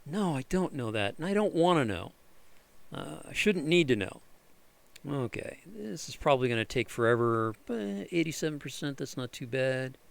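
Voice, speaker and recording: A vlogger repairing his computer delivers frustrated, ranting commentary over a screen recording, his creaky voice swinging widely in pitch at a normal speed. Exasperated and sarcastic, he swears freely and mocks others in shrill voices.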